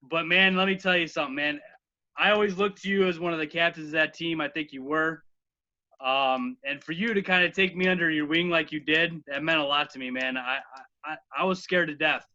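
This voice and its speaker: Chicago guy on a podcast, earnest and thankful, really bright voice, kinda dull lo-fi audio. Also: a little high, steady tone, normal speed. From Chicago area. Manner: earnest, grateful, rattles off names. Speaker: podcast co-host, former college outfielder. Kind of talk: casual podcast chat.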